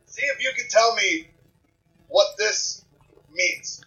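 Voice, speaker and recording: High-voiced Canadian man, lo-fi sound. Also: lively intonation, takes it slowly, pushed and bright. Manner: joking, self-deprecating. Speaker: podcast guest. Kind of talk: casual chat over a call.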